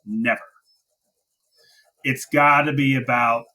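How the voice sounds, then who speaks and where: Husky, bright-voiced man ranting on a podcast. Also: mid-range voice, lively intonation, normal speed, poor audio. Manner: emphatic, impassioned ranting. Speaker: wrestling podcast co-host. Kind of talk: casual chat.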